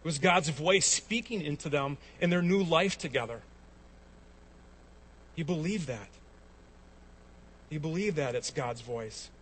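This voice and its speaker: A pastor in his 40s, whose somewhat bright voice sits a little high for a man, delivers a sermon. He restarts often while telling stories, then rises to emphatic peaks. A little hiss or hum runs under the recording.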